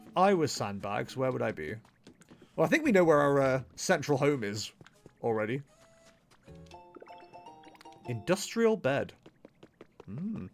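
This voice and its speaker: A man streaming a video game and commenting casually, animated and jokey, with muttered asides. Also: medium pitch, measured pace, pauses often, soft background music. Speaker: gameplay streamer. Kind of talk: casual gameplay livestream commentary.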